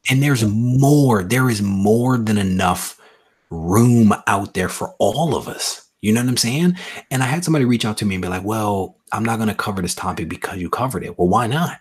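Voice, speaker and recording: A man with a low, husky voice talks on a live comics stream. He mixes teasing jokes with earnest talk about staying consistent and drawing inspiration from others. His delivery is casual and conversational. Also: normal speed. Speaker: guest YouTuber.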